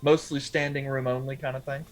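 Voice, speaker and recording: A man running a tabletop game as game master, describing scenes in a relaxed, easygoing way. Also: mid-range voice, brisk, soft background music, poor audio.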